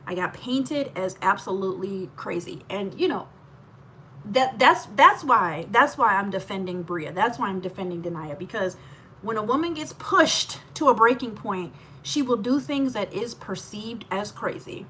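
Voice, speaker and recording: A woman telling her own story in a candid vlog, animated and laughing often, full of asides. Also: medium pitch, moderate pace, slight background noise. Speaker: vlogger.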